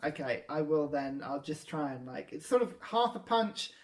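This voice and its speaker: A woman playing a tabletop game, relaxed and chuckling as she describes her moves. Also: low-pitched, moderate pace. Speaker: player. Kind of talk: casual tabletop play.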